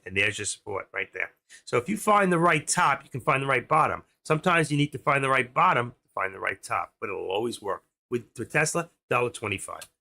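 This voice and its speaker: Gravelly man rambling over stock charts. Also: mid-range voice, sharp tone. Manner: rambling, talks fast while clicking through charts. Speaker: stock trading livestream host. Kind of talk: casual live screen-share commentary.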